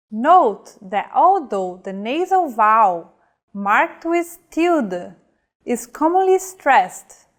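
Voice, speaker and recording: Slow, careful woman teacher. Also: fairly high pitch. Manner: slow, careful delivery, modelling example words. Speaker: language teacher. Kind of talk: scripted lesson narration.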